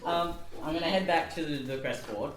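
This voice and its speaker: A man's voice: on the high side, brisk, echoey room, a little hiss or hum, rough recording. A man playing a tabletop game, hesitant and giggly with many ums. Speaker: player. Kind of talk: casual tabletop play.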